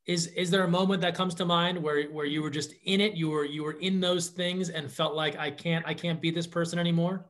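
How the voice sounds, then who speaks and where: Male interviewer, slightly high voice, halting follow-up questions. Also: steady tone, fairly bright tone. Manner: halting, repeats words when asking.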